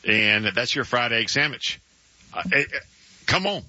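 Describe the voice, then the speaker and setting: A man's voice: mid-range voice, expressive, moderate pace, pushed and bright, no room sound. A man co-hosting sports radio in casual banter, emphatic, with stammering restarts. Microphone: studio microphone. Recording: dry, slightly dull radio studio sound.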